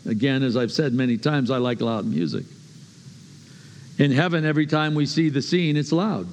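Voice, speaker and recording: A man preaching a sermon, emphatic and repetitive, swinging between hushed lines and loud bursts. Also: medium pitch, moderate pace, in a large hall. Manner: emphatic, repeats phrases, shifts from hushed to loud.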